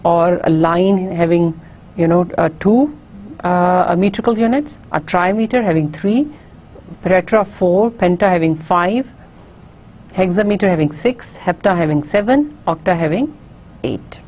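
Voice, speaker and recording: A woman giving a recorded university lecture, explaining carefully and often pausing on fillers and restarts. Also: on the low side, a little mellow.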